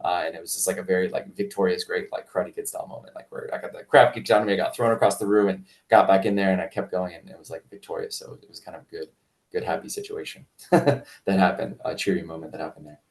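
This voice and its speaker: A man, a martial arts instructor, telling a story in a casual interview, rambling with restarts and jumping much higher when he quotes people. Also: fairly even intonation, quick pace, distant mic. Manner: rambling with many restarts and fillers; acts out quoted voices in a much higher pitch.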